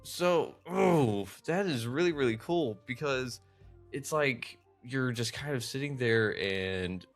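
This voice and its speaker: A man's voice: mid-range voice, lively intonation, slow pace, faint music behind. A man hosting a podcast interview, sharing personal reflections in casual chat with lots of filler words. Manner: reflective, many fillers like 'like'. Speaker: podcast host.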